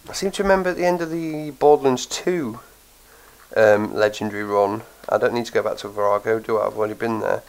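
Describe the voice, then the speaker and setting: A man with a low-side voice speaks briskly on a low-quality recording. He runs a gaming channel and, tired and blocked up with a cold, gives laid-back commentary as he plays, musing out loud with many ums.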